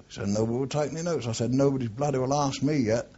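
A man's voice: medium pitch, rapid-fire, warm tone, husky. An older man, a war veteran, bluntly reminiscing in an oral history interview, swearing often and drifting off topic. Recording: dull lo-fi archive tape.

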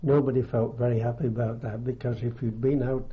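An older man with a halting, unhurried way of talking, full of ums and restarts, recalling his army days in an oral history interview. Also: medium pitch, flat delivery. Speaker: veteran interviewee. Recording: dull lo-fi archive tape.

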